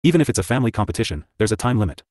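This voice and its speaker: A man's voice: lowish voice, very animated, rapid-fire, a little mellow, no room sound, clean studio sound. A man voicing an arrogant young nobleman in his twenties, speaking in a haughty, matter-of-fact way.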